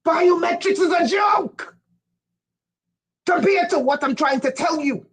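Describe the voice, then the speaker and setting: Intense high-voiced woman preaching a warning. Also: unhurried, poor audio. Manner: intense, emphatic, swears, bursts into shouting. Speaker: livestream speaker. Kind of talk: impassioned livestream monologue.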